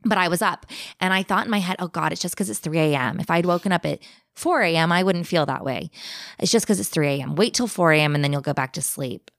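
Lively woman telling a spooky story. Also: fairly low pitch, creaky, no room sound, studio quality. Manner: animated, vivid, speeds up and slows down for effect. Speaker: guest telling a ghost story. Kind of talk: casual storytelling.

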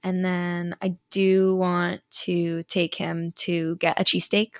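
A woman's voice: on the low side, little pitch movement, slow, no echo, clean studio sound. A woman in her thirties co-hosting a podcast, chatting casually and rambling with lots of fillers. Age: 30s. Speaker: podcast co-host. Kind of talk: casual chat.

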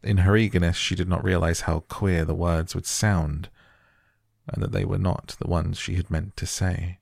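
Brief: male sleep-story narrator, low gravelly voice, dry close sound. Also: little pitch movement, no room sound. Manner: gentle, unhurried. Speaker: audiobook narrator. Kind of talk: soft bedtime story reading.

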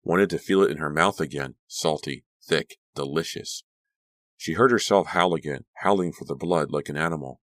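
A man narrating an audiobook with a dramatic, expressive reading. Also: extremely low pitch, moderate pace, no room sound.

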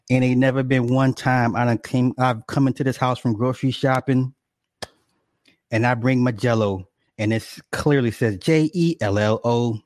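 A man's voice: mid-range voice, moderate pace, no room sound. A young man at home telling his viewers a story in a casual rant, indignant and exaggerated, swearing and laughing often. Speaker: livestreamer talking to viewers.

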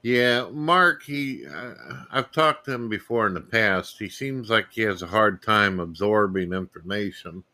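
A man with a low, bright voice talks casually with his guest. He is blunt and plain-spoken, with a forceful tone. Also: a little slow, hardly any pauses. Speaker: host. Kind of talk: casual chat.

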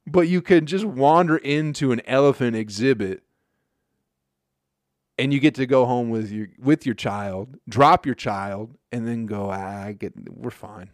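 A man hosting a show, telling a story in a profane, rambling comedic monologue with deadpan asides. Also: mid-range voice, unhurried, no room sound, clean studio sound. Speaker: podcast host.

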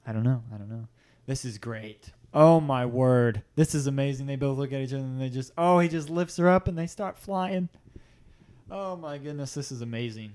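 A man in casual conversation on a podcast, talking over a movie from his living room. He is chatty, laughs easily and tosses in goofy impressions at an ordinary middle pitch. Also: moderate pace, darkish tone. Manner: chatty, laughs often, does playful impressions. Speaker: podcast host. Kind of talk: casual chat while watching a movie.

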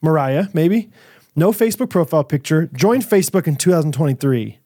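A man on a casual podcast, telling a story and laughing often as he acts out the lines of the people in it. His voice sits a bit high for a man. He keeps it loose and chatty. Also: animated, a little fast, warm tone, no echo, studio quality. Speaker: podcast co-host. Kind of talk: casual chat.

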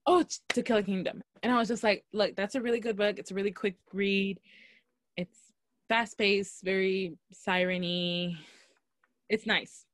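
A young woman co-hosting a casual podcast, telling an anecdote with laughs and quick acted-out quotes. Her voice sits at a middle pitch, recorded dry and close. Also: no echo. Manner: animated, laughing, acts out quotes. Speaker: podcast co-host. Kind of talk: casual storytelling chat. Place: Los Angeles.

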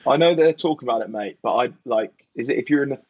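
English ex-player, husky and low, reflective, chatty, dry and slightly dull audio. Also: male voice, fast, dry recording. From England. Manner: reflective, full of "you know" and "mate". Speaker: podcast guest, retired rugby player. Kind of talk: casual podcast chat.

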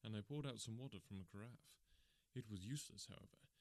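A man narrating a storybook in a measured, even reading style. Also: on the low side, dry recording. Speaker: audiobook narrator.

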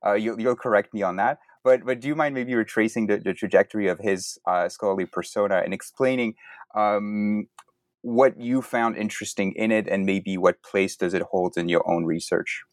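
A man interviewing authors about an academic book, talking in a halting way with many repeated words. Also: fairly low pitch, no room sound.

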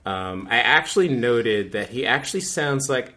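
A man's voice: medium pitch, expressive, moderate pace, sharp tone. A man co-hosting a podcast, recapping an episode in a rambling, casual way with many fillers and restarts. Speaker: podcast co-host.

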